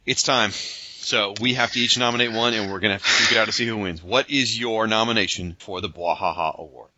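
A man's voice: on the low side, a little fast, bright, forceful tone, dry recording, highs cut off. A man hosting a casual comic book podcast, enthusiastic and playful, with mock announcer flourishes. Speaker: podcast host.

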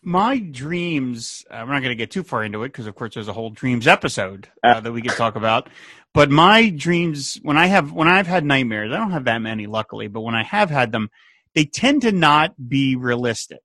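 Guy with a bright tense voice chatting thru a tv recap, dry mic, does little quote voices. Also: medium pitch, moderate pace, no echo. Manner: animated retelling, quotes characters in playful voices. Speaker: podcast co-host. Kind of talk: casual TV episode recap chat.

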